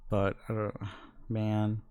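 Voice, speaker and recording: A man's voice: lowish voice, completely flat delivery, slow, warm tone, clean tone, dry recording. A man streaming a game live, talking casually and hesitantly, trailing off mid-sentence, a little sick. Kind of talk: casual live gameplay commentary. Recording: game music playing underneath.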